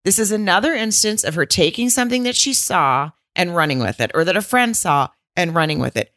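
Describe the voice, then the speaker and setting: A woman with a low voice co-hosts a chatty podcast recap. She talks emphatically, exclaims, and swears freely. The sound is dry and close. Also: animated, brisk, fairly bright tone, no echo. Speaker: podcast co-host. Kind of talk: casual recap chat.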